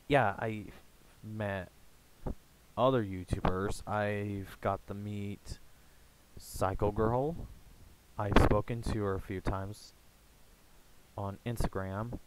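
A young American man chatting casually in a rambling, halting way, full of fillers and restarts. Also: fairly low pitch, steady tone, noisy background. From United States. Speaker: gaming YouTuber. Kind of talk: casual rambling vlog chat.

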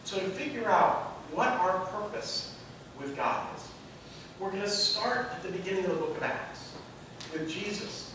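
A man preaching a sermon as pastor, telling a story and building to loud, emphatic peaks. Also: high-pitched, lively intonation, unhurried, a little hiss or hum. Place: church sanctuary. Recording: echoey sanctuary, mic from a distance.

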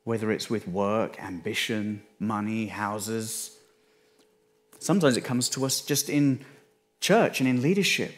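A man with an English accent, a pastor delivering a sermon in a conversational way, often dropping his voice low for emphasis. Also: a little slow. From England. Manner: conversational, restarts phrases, dips quiet for emphasis.

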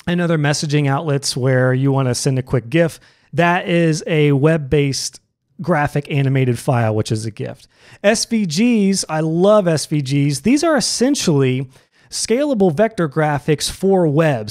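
A man's voice: fairly high pitch, darkish tone. A man teaching web design in a conversational, upbeat tutorial style, opening each new point with emphasis. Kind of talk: explanatory tutorial.

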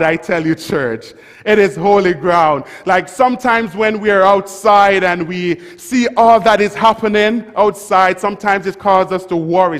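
A man preaching a sermon, leading the church in call-and-response and rising to shouts. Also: high voice, long reverb tail. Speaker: pastor. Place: church sanctuary.

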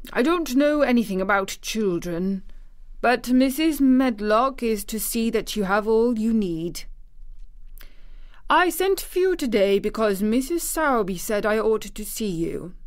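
A woman reading the part of an ill, worried gentleman guardian in a storybook, with a hesitant, absent-minded way of talking. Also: medium pitch, lightly acted. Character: gloomy ailing gentleman guardian, distracted.

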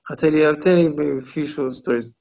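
A man teaching a Torah class as a rabbi over a video call. He tells stories and often pauses to search for English words. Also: on the high side, creaky, darkish tone. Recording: muffled video call audio.

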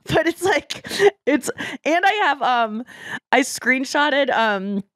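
Woman podcast host in her thirties, high-ish voice, chatty and giggly, dry close mic. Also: expressive, slow, fairly bright tone, no room sound. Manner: candid, giggly storytelling with many fillers. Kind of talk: casual chat.

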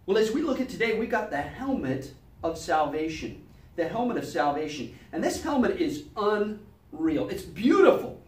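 A man teaching a lively Sunday school Bible lesson who acts out little scenes with sound effects and voices. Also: high-pitched, normal speed. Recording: echoey room, mic at a distance.

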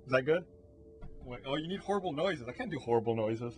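A man's voice: medium pitch, animated, fast talker, breathy edge. A man joking around between takes as a voice actor in a recording session. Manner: joking, self-mocking.

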